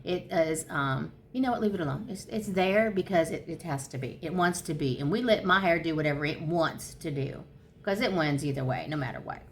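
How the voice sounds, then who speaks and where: A woman in her fifties chatting casually at home for her crochet vlog, rambling and easily excited. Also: low voice, brisk, a little hiss or hum. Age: 50s. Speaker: crochet vlogger. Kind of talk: casual chat.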